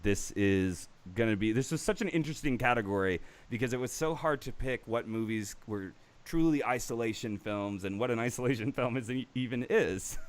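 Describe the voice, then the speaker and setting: A man with a medium-pitched voice hosts a casual live-streamed movie talk show, speaking at a normal speed with few pauses. He's animated, laughing as he rambles and restarts his sentences.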